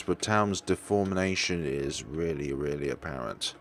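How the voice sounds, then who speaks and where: Gamer narrator, low voice with gravel, animated delivery. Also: male voice, a little slow, soft background music. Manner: reads game dialogue aloud between comments. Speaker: let's play gamer. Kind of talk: casual gameplay commentary.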